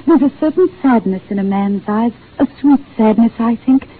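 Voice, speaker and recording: An actress playing a shy, gentle and lonely bookshop clerk, speaking sweetly in a 1940s radio drama on a tinny broadcast. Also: female voice, a little high, moderate pace, husky. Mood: tender. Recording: tinny lo-fi old radio broadcast, faint hiss.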